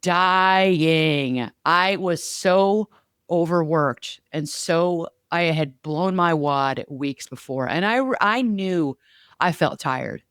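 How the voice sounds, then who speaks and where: Smooth-voiced animated woman podcaster. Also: low-pitched, takes it slowly, dry recording, clean studio sound. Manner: animated storyteller, lively and chatty. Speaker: podcast co-host. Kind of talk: casual podcast conversation.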